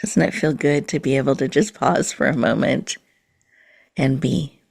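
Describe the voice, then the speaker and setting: A woman hosting a podcast, leading listeners through a slow, soothing mindfulness and breathing exercise. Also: rumbling low, creaky, a little mellow, slightly rough. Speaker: podcast host.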